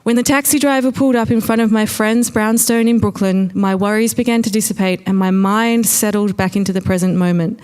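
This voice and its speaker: A woman's voice: mid-range voice, steady tone, brisk, hardly any pauses, a little mellow, clear, resonant tone. An Australian woman reading a wry first-person story aloud on stage at a live storytelling night. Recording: long reverb of a venue hall.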